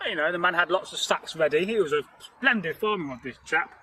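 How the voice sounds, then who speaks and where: A man's voice: on the high side, expressive, brisk, bright, forceful tone, a little hiss or hum, low-quality recording. A man casually telling a folktale outdoors, rambling and jokey with many "you know" asides. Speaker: storyteller host. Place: outdoors in nature.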